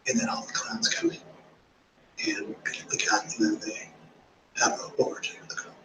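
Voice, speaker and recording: A man's voice: medium pitch, huge pitch swings, moderate pace, background noise. A man co-hosting a podcast, retelling a scene at great length, often dropping into a half-whisper. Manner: long-winded storyteller, often half-whispering. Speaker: podcast co-host. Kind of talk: casual chat, retelling a scene.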